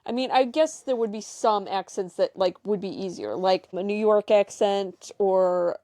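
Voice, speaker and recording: An American woman co-hosting a casual podcast, chatty and quick to jump in with asides. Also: mid-range voice, dark tone, no room sound. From United States. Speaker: podcast co-host. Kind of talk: casual chat.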